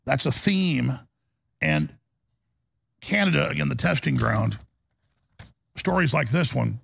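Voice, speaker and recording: A male talk radio host with a gravelly, raspy voice, rambling in an impassioned studio monologue with restarts and rising outbursts. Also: medium pitch, very animated, slow pace, a bit bright, no room sound. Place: broadcast studio.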